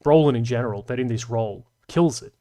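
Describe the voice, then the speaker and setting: A man's voice: medium pitch, fast, mellow. Rambling man chatting on stream. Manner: rambling, self-deprecating, full of fillers. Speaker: live stream host reading chat. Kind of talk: casual live stream chat.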